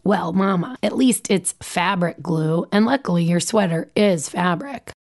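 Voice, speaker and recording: A woman voicing a gentle, thoughtful young girl who talks to her mother in a consoling way, in a read memoir. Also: medium pitch, animated, normal speed, pitched above the performer's own voice.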